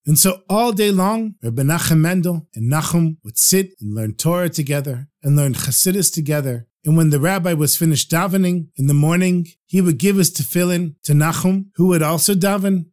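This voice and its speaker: A man narrating a story for a podcast, in an animated storytelling manner. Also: on the high side, normal speed, few pauses.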